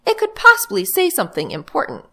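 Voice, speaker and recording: A woman's voice: extremely high pitch, huge pitch swings, fast, creaky, sharp tone, pitched above the performer's own voice, exaggerated voice. A woman voicing an earnest, practical boy twin who keeps proposing ideas.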